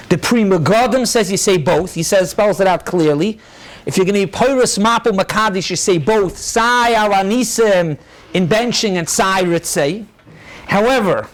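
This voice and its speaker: This is a rabbi leading a halachic lecture in front of a live crowd, a man with a high-pitched voice. He moves briskly through explanations, quotes his sources, takes questions, and sprinkles plenty of Hebrew and Yiddish into his English.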